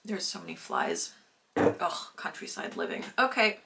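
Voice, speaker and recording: A woman's voice: on the low side, unhurried, vocal fry. A young woman vlogging in a casual, chatty way at her family home, sometimes talking while she eats. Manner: chatty and relaxed, with filler words and small laughs; talks with her mouth full while eating. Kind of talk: casual vlog chat.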